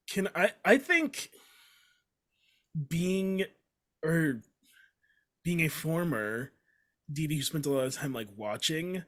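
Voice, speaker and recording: A man's voice: on the high side, expressive, slow, pauses often, a bit bright. A man playing a tabletop role-playing game, describing his character's actions hesitantly with many fillers. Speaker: player. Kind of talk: casual tabletop role-play.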